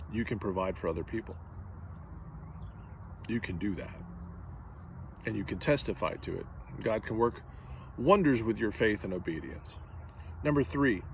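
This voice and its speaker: A man's voice: medium pitch, slight background noise. A man preaching a sermon as pastor, earnest and direct, driving points home with repetition.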